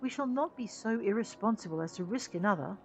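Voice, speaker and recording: A woman's voice: medium pitch, expressive, a little hiss or hum, lightly acted. A woman reading a stern engineer chief. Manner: firm, lecturing, deliberate. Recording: dull lo-fi sound.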